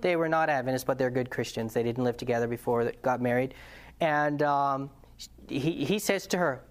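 At a normal speed and in a mid-range voice, a man delivers a sermon-style lesson to his congregation. He's passionate and earnest, telling stories and posing questions to the audience, often restarting his sentences as he goes.

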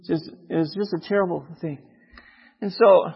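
A man's voice: high voice, fairly even intonation, moderate pace, vocal fry, husky, muffled recording. A man giving a personal testimony in a sermon, telling his story and often checking in with the listeners by asking "okay?". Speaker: lay preacher giving testimony.

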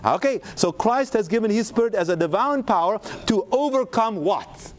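A man preaching a sermon, asking the audience questions and slowing down to read quotes with emphasis. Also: high voice, expressive.

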